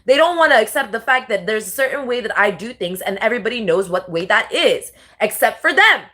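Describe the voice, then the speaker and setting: A woman's voice: on the high side, lively intonation, brisk, bright, forceful tone. A young woman ranting heatedly and profanely in a monologue, repeating herself and restarting sentences. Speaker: spiritual video creator.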